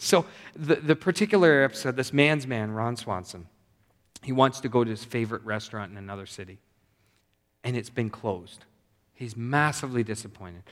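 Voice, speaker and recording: A male pastor preaching a sermon in a conversational, animated way, repeating his phrases. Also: mid-range voice. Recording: long hall reverb.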